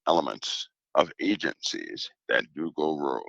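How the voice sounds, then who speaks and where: A man talking as a guest on a show, steady and emphatic, repeating his main points. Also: rumbling low, moderate pace, creaky, no room sound, lo-fi sound. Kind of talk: casual talk on a show.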